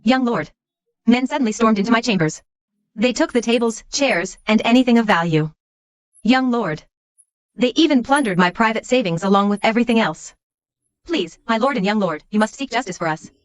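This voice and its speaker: A woman's voice: fairly high pitch, lively intonation, normal speed, dry recording, natural voice. A woman voicing a complaining concubine in a dubbed period drama, wheedling and pleading.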